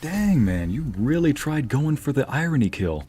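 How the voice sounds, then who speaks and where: A man's voice: medium pitch, sing-song, normal speed, hardly any pauses, mellow, faint music behind. A young man hosting a let's play, chatting and joking casually with his viewers as he plays. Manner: joking, chatty, talks to chat. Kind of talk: casual gameplay commentary.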